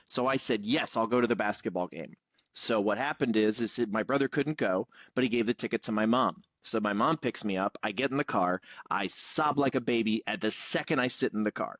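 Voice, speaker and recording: A man's voice: mid-range voice, brisk, a bit bright, no room sound, rough recording. Candid, swearing podcast host man. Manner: candid storytelling, swears freely. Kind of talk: casual podcast conversation.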